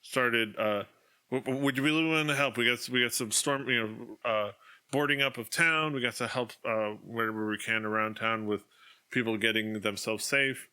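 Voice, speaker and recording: A man's voice: medium pitch, moderate pace, pushed and bright, smooth. A man voicing a flustered, stammering male town burgomaster who keeps asking for help, on a dull lo-fi recording. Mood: pleading.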